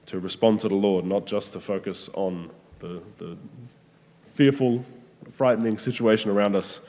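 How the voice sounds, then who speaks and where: A man preaches in an easy, conversational way, often pausing and restarting his thoughts. His voice sits on the low side. A long reverb trails his words, as in a large hall. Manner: gentle, conversational, with frequent ums and restarts. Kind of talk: sermon reflection.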